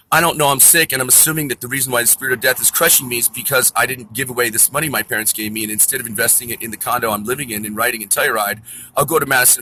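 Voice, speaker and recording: A man's voice: medium pitch, sharp tone, a little hiss or hum. A man delivering an angry, profane, rambling rant to camera outdoors near a store. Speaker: vlogger. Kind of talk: ranting monologue to camera.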